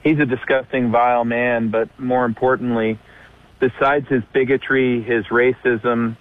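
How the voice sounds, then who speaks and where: A man's voice: medium pitch, flat delivery, a little slow, phone-quality sound. A man from the American South, a retired general calling in as a guest on a talk radio show, blunt and emphatic. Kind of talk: talk radio phone interview.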